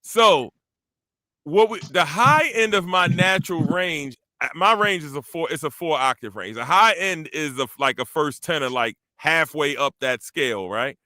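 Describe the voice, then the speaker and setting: A man hosting a casual chat, animated, breaking into sung demonstrations of vocal ranges. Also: a little high, normal speed, no room sound. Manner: animated, breaks into singing demos. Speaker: podcast host and parody songwriter.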